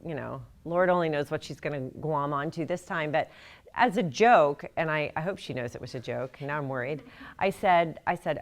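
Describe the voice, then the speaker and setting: A woman's voice: low-pitched, moderate pace. A middle-aged woman author giving a casual, chatty talk to a library audience, self-deprecating and laughing at her own jokes. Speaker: author speaking at a library event.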